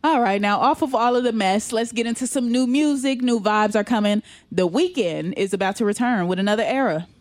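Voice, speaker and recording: A woman's voice: fairly high pitch, a little fast, few pauses, dry recording. A young woman co-hosting a casual pop-culture chat, talking freely and laughing often. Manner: chatty, laughs often, quotes people in put-on asides. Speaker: podcast co-host.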